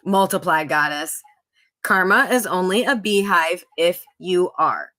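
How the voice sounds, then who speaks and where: A woman's voice: on the low side, unhurried, pushed and bright. A middle-aged woman hosting a live stream, chatting upbeat with viewers and reading out their comments. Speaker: livestream host.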